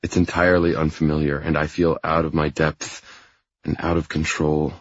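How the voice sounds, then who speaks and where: A man narrating a first-person audiobook in a low, intimate, even reading style. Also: moderate pace, dry recording, muffled recording.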